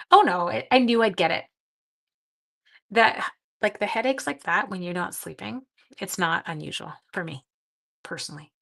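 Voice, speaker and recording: Gravelly-voiced chatty woman crafting live. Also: fairly low pitch, fairly bright tone. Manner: chatty, talks to live viewers while working. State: short on sleep. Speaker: craft video host. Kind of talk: live craft-along chat.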